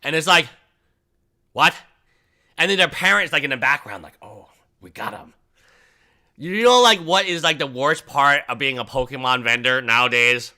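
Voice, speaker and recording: A man hosting a livestream, chatting casually and rambling, often mimicking people in a high mocking voice. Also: brisk, hardly any pauses, bright, forceful tone. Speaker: livestream host.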